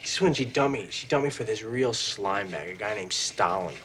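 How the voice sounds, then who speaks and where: A man's voice: fairly low pitch, expressive, moderate pace, background noise, natural voice. An actor playing a nervous, heartbroken teenage boy who talks in a panicky, self-pitying way in a film clip. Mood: panicked.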